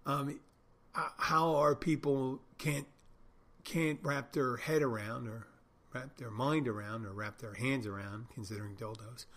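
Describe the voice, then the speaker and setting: A man's voice: mid-range voice, moderate pace. A middle-aged man hosting a podcast, telling rambling stories in a wry, self-correcting way. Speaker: podcast host, bartender. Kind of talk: casual monologue storytelling.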